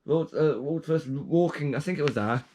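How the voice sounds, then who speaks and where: A young man, a little high-pitched for a man, reads through his own joke documents in a loose, rambling way. He keeps trailing off into muttered asides and making self-aware quips about his own jokes. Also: normal speed, dark tone. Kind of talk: casual commentary.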